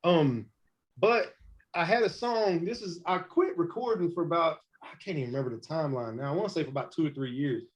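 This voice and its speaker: A hip hop artist in his forties, appearing as a guest, tells stories in a relaxed, animated way and acts out the quotes. His voice is fairly high and brisk, heard on a muffled lo-fi recording in a casual storytelling interview.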